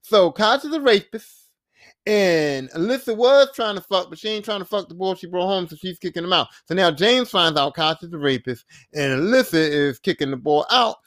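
A man with a fairly high voice recaps a TV episode in a casual, animated and profane way. He is recorded dry and close, with no room sound. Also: normal speed, no room sound. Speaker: podcast host.

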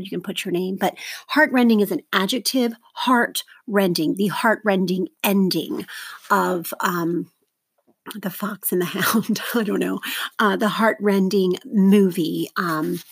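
A woman's voice: medium pitch, steady tone, unhurried, slightly rough, dry recording. A woman teacher talking her class through a recorded vocabulary lesson, informal and chatty, drifting into asides. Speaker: middle school teacher.

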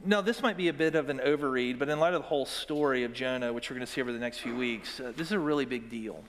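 A man's voice: mid-range voice, fast talker, a bit bright, slight background noise. A man preaching a sermon as pastor, earnest, drawing the congregation into call-and-response. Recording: long hall reverb.

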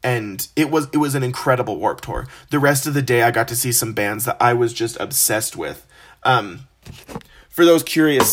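Young male podcast host, casual storyteller, animated and self-deprecating. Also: medium pitch. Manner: animated, self-deprecating, acts out quoted voices.

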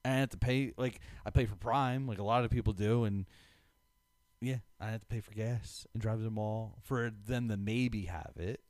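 A man in his thirties chatting casually as a podcast co-host, rambling with lots of filler words and getting animated when excited. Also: lowish voice, moderate pace, dry recording. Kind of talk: casual chat.

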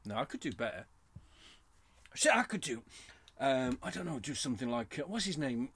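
A man's voice: medium pitch, big pitch swings, moderate pace, a bit bright, husky. A man co-hosting a podcast in casual banter, joking and teasing his partner. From England. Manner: jokey, giggly, teasing. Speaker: podcast co-host.

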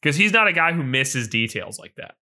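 A young man on a casual podcast makes his case with playful enthusiasm and some swearing. His voice is very bright and sharp, at an ordinary pitch for a man. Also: very animated, a little fast. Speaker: podcast co-host. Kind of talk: casual film chat.

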